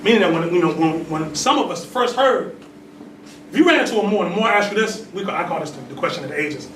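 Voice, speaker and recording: A man in his forties teaches a congregation in a temple. His voice is high, and the mic sits far from him in an echoey hall with steady noise behind. He asks questions of the room and laughs between points. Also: quick pace. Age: 40s. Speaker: religious teacher. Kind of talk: sermon with call and response.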